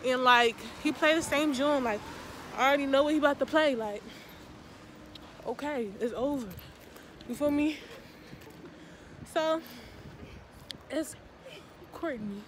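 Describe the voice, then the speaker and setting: Young woman vlogger, slangy, laid-back, higher voice, noisy phone audio outdoors. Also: unhurried, pauses often. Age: young adult. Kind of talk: casual vlog chat. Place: outdoors on a college campus at night.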